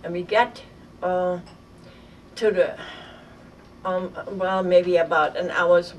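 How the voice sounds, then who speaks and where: An older woman from Germany telling a vivid, halting story from her childhood in an oral history interview. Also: fairly low pitch, steady tone. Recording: distant mic with faint noise.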